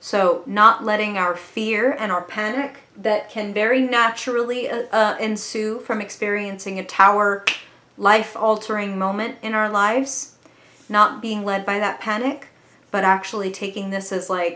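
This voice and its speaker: A woman at a mid-range pitch talks her way through a tarot reading in a chatty, earnest tone and swears casually now and then. Her voice rings around an echoey room. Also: steady tone, measured pace, bright, forceful tone. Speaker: tarot reader.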